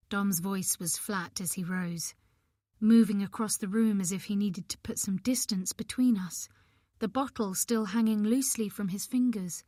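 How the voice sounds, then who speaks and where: A woman's voice: mid-range voice, fairly even intonation, moderate pace, darkish tone, no echo, clean studio sound. A woman narrating a domestic thriller in the first person, with a tense, emotional delivery. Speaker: audiobook narrator.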